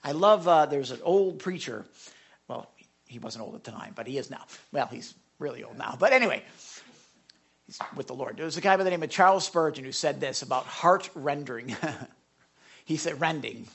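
A male pastor preaching a sermon to his congregation, asking them direct questions and dropping to a hush when he reads scripture. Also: on the high side, expressive, moderate pace, creaky, slightly rough. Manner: emphatic, swings between loud appeals and hushed scripture readings. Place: church sanctuary.

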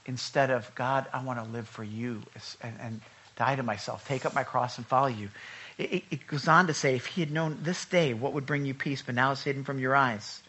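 Bright, animated male preacher. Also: medium pitch, breathy edge. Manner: conversational, swings from loud urging to hushed reading. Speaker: pastor. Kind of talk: sermon.

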